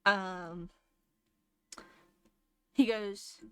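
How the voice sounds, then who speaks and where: A woman's voice: medium pitch, steady tone, drawn-out words, fairly bright tone, smooth. A young woman streamer casually telling a rambling personal story, often laughing as she goes.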